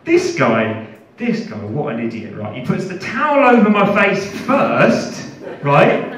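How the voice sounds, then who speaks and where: Stand-up, deadpan storyteller, animated and bright, recorded from far off in an echoey room. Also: male voice, fairly high pitch, measured pace, slight background noise. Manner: deadpan storytelling that builds to shouting. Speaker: stand-up comedian. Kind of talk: stand-up comedy set. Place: festival stage.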